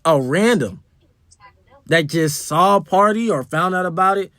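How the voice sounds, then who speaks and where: Animated young man telling a party story. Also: high-pitched, unhurried, dry recording, studio quality. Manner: animated, slangy, profane. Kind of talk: storytime vlog.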